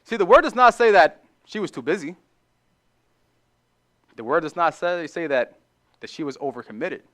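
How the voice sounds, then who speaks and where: Animated, high-pitched male pastor preaching. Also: moderate pace. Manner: animated preaching, acts out dialogue, repeats phrases for emphasis. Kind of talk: sermon. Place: church.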